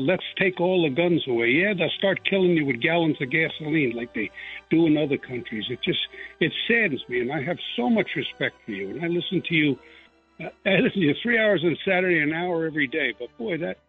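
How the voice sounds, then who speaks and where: A man calls in to a radio show over a tinny phone line, earnest and a little aggrieved as he rambles. His voice is on the higher side and somewhat husky. Faint music sits in the background. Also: lively intonation, fast talker. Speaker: radio caller.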